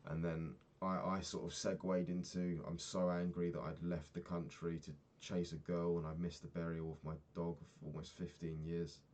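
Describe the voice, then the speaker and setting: Young male vlogger from England, deep voice, downcast confessional diary, frequent swearing, trailing sentences. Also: little pitch movement, normal speed, few pauses, a little mellow. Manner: low-key, heavy swearing, trailing off. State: sad, recently crying. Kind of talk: personal video diary.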